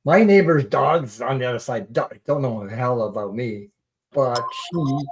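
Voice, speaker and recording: A man's voice: medium pitch, a little slow, very noisy. A man hosting a live call, chatting in an enthusiastic, affirming way. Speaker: host. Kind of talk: casual chat.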